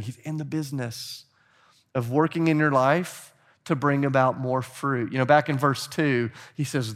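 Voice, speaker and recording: A middle-aged pastor with a medium-pitched voice preaches a sermon with animation, urging his congregation to join in.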